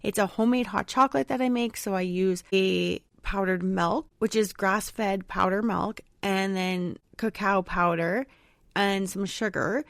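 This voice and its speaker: A woman's voice: mid-range voice, fairly even intonation, unhurried, creaky, no echo, clean studio sound. A woman podcast host and mother chatting casually through a personal story, rambling with lots of fillers. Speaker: mother of a young child.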